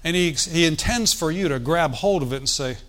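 A man's voice: a little high, fairly quick, a bit bright. A man preaching a sermon in a conversational, folksy way, with joking asides and calls for the congregation to answer. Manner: asks the congregation for responses.

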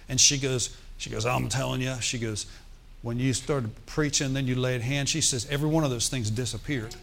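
A man pastor telling a story in a sermon, animated, with asides and quoted dialogue. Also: mid-range voice, fairly quick, creaky.

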